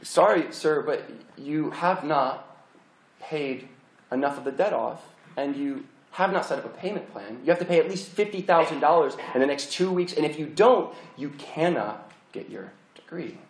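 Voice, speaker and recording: Stern, quiet-spoken woman college president, as a preacher acts her out, told in an echoey hall. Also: a little high, animated, normal speed. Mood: firm. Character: stern female university president. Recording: roomy hall echo.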